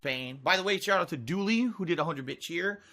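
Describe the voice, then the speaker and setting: A man's voice: high-pitched, animated, brisk, pushed and bright, faint music behind. A man live-streaming and talking to his chat, ranting heatedly with a lot of swearing. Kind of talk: unscripted stream talk to chat.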